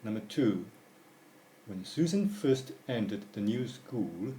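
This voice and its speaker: A man narrates a language lesson slowly and deliberately, listing word forms one by one. His voice is mellow and dark-toned, with a middle pitch. The recording carries a noticeable room echo. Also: expressive, slight background noise. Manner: measured, deliberate reading of word lists. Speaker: English teacher. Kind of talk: slow scripted lesson narration. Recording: echoey room.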